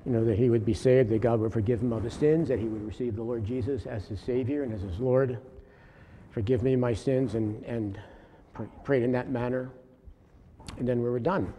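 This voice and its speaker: Man, dark mellow voice, halting earnest storytelling, echoey hall with long reverb. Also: mid-range voice. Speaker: lay preacher sharing a testimony. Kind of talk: informal church testimony. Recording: long hall reverb, faint room noise.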